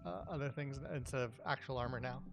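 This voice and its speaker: A man's voice: mid-range voice, little pitch movement, quick pace, dull audio, faint music behind. A man playing in a tabletop game, chatting casually and correcting himself often. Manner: hesitant, self-correcting. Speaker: player.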